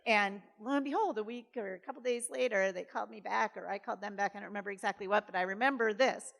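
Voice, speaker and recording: A woman in her fifties, a former governor, telling stories in a chatty, animated way on stage, full of fillers and acted-out quotes. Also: medium pitch, fast talker, vocal fry. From Massachusetts. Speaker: guest speaker, former governor. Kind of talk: conversational storytelling on stage. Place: college event hall. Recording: reverberant hall.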